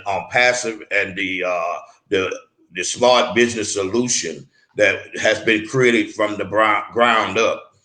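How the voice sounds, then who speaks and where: A man's voice: fairly low pitch, bright, forceful tone, echoey room, low-quality recording. A man interviewed as a mentor, talking earnestly and emphatically, often restarting and repeating words. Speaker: guest mentor.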